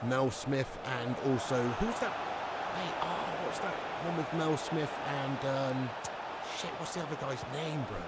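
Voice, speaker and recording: Over a loud crowd and heavy noise, a man with a medium-pitched voice speaks a little slowly. He's live-streaming football and reading chat, full of swearing, laughter, and rambling casual banter.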